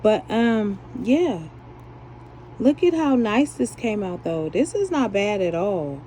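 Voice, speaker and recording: A woman's voice: mid-range voice, very animated, slow, mellow, a little hiss or hum, poor audio. A woman chatting casually while she makes beaded jewelry and laughs at herself. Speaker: jewelry maker. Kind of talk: casual chat while beading.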